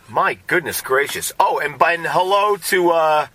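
A man co-hosting a casual Christian podcast, animated and jokey, laughing often. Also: a little high, slow, dry recording. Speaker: podcast co-host.

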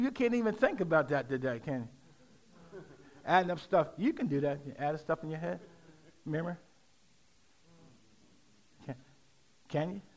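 A middle-aged man preaching a sermon, leading call-and-response and rising to shouts. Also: fairly high pitch. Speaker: pastor.

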